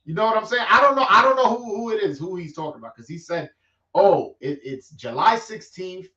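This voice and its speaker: Fields: Sex: man. Style: animated street-talk boxing chat. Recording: roomy, distant, lo-fi. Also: high-pitched, fairly quick. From New York. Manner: animated, streetwise slang, frequent restarts. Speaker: boxing vlogger host. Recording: roomy, distant, dull lo-fi sound.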